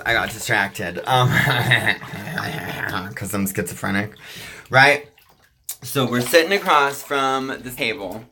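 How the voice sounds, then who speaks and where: A young man vlogging casually, telling a personal story with profane jokes and quick asides. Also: medium pitch, sharp tone, a little hiss or hum.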